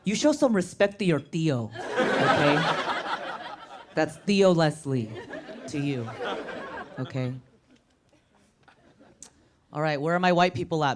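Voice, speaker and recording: A deep-voiced female comedian from Orange County doing playful, self-deprecating crowd work on a comedy club stage with a handheld mic. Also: expressive, normal speed, long pauses. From Orange County, California. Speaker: stand-up comedian. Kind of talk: stand-up comedy set. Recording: live club with audience noise.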